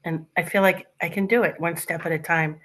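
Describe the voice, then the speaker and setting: A woman's voice: on the low side, steady tone, a little fast, a bit bright, poor audio. A woman taking part in a group session, sharing her experience hesitantly and searching for words.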